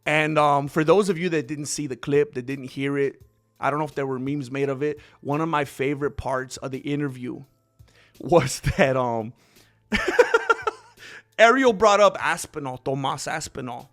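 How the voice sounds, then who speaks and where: Young guy ranting about fights, high bright voice, excitable, laughs a lot. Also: normal speed, faint music behind. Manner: excitable, laughing, quotes others in put-on voices. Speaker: MMA commentary host. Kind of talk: casual commentary monologue.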